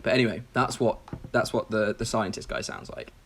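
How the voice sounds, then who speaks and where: Man rambling through a comedic pitch. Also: a little fast, fairly bright tone, slight background noise. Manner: enthusiastic, rambling, prompting with "okay?". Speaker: podcast co-host pitching a movie idea. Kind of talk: casual comedic chat.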